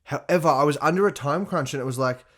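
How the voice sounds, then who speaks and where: A man hosting his own podcast, talking candidly and profanely in a casual solo monologue, laughing often and getting louder when excited. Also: a little high, quick pace. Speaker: podcast host.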